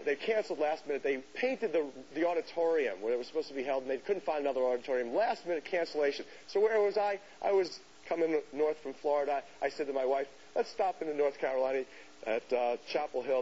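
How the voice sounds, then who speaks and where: A man giving a lecture to an audience, telling a story in an animated way and acting out the voices of people he quotes. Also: medium pitch. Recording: dull hissy lecture recording.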